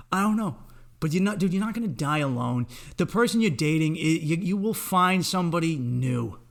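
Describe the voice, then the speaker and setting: A man's voice: fairly high pitch, lively intonation, moderate pace, vocal fry. A young man hosting a podcast, delivering a rambling, profane comic pep talk straight at the listener. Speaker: podcast host.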